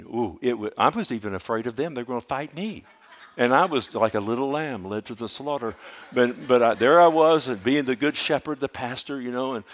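A middle-aged man delivers a sermon in an ordinary mid-range voice. He presses points by repeating them and restarts his phrases, then falls to a near-whisper when he tells a story. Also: mid-range voice. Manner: impassioned preaching that swings from loud urgency to hushed storytelling. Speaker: pastor.

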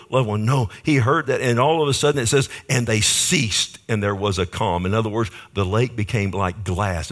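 Emphatic preaching man, low voice. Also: creaky. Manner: emphatic preaching, asking the congregation "Amen?"; vivid storytelling with sudden loud and soft swings. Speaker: pastor. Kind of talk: sermon.

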